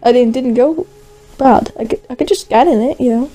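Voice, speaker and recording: A woman gaming YouTuber narrating a Minecraft role-play in an excitable, self-narrating way with squeals and gasps. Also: fairly high pitch, moderate pace, slightly rough, faint music behind.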